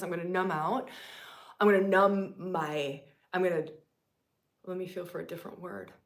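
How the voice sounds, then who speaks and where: A woman leading a spiritual teaching session live, swinging from loud, emphatic, profane lines to hushed whispers and repeating phrases for effect. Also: lowish voice. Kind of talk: impassioned spiritual teaching on a livestream.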